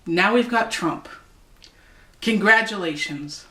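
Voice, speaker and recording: A woman's voice: mid-range voice, lively intonation, slow pace, fairly bright tone. A woman vlogger delivering an angry, profane political rant to the camera. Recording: echoey room.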